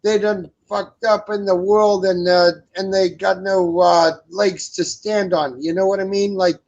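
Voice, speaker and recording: A man's voice: high-pitched, little pitch movement, a little slow, darkish tone. A man co-hosting a casual talk show, ranting in crude, profane language and repeating himself with many fillers. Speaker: co-host. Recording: dull lo-fi sound.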